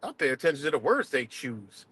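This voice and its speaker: A man's voice: mid-range voice, sing-song, a little fast, fairly bright tone, breathy edge, no echo. A man on a live stream, ranting in a heated and confrontational way, swearing often and repeating himself. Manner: profane, confrontational, repetitive.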